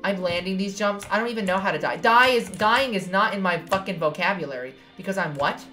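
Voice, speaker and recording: A woman's voice: mid-range voice, quick pace, pushed and bright, soft background music. A young woman from New York giving playful, swear-filled commentary while playing a video game. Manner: playful, swears, squeals when jumping. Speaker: gaming streamer. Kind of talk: casual let's-play commentary.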